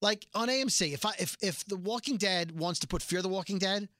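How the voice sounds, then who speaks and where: A man from New York City with a New York accent, co-hosting a casual chat show and acting out people in quick asides. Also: high voice, fairly bright tone, no echo, clean studio sound. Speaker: podcast co-host.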